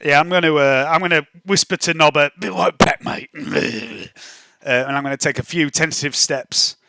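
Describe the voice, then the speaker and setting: A man playing a tabletop game, excitable and swearing a lot in casual banter. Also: on the high side, moderate pace, smooth, no room sound. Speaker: player.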